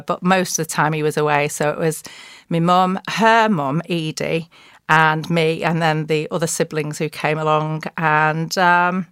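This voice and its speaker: Quick-talking woman with a Scouse twang. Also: sits low, fairly bright tone, clear, resonant tone, no echo, studio quality. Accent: Liverpool Scouse twang over Oldham. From Oldham, Greater Manchester, England. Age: middle-aged. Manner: quick-talking, self-deprecating, laughs often. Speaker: guest, commercial litigator. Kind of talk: casual podcast interview.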